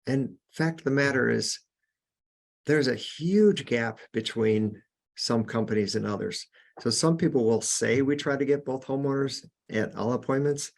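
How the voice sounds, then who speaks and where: Gravelly-voiced man coaching sales. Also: medium pitch. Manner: earnest, coaching, many restarts. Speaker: podcast host and sales coach. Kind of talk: casual instructional talk.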